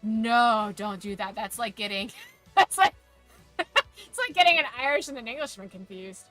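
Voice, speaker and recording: A woman's voice: a little high, lively intonation, a little slow, fairly bright tone, soft background music. A woman streamer chatting casually while gaming, opinionated and ranting, swearing freely.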